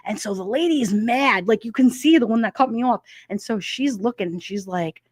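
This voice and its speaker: A woman's voice: fairly high pitch, animated, brisk, no echo, studio quality. Chatty woman telling stories, laughing. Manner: rambling anecdotes with frequent laughs. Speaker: livestream host. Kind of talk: casual storytelling to chat. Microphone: streaming microphone.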